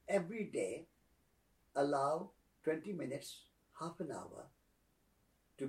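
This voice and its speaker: A man speaking as a spiritual teacher, slow and soft-spoken, repeating phrases like a litany. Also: a little high, lively intonation, gravelly, far from the mic. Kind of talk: calm reflective teaching.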